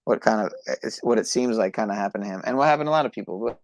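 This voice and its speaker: A man hosting a livestream podcast, chatting casually in a rambling, hesitant way that trails off quietly. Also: lowish voice, rapid-fire, no echo. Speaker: podcast host.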